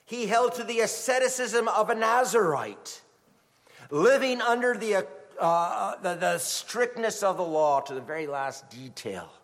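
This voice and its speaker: A middle-aged man preaching a sermon as a pastor, telling stories in an animated way. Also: high voice, measured pace. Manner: animated storytelling, acts out quoted voices. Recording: long hall reverb.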